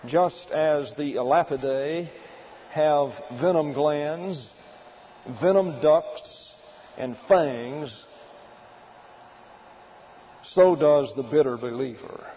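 A man preaching a sermon, working through numbered points in a deliberate, emphatic way. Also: a little high, muffled recording, a little hiss or hum. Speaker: pastor.

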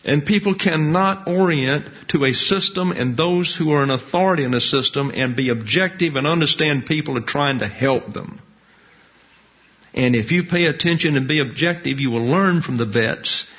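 A man, preaching a sermon in a measured, folksy teaching manner with colloquial asides. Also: a little high. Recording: dull lo-fi recording.

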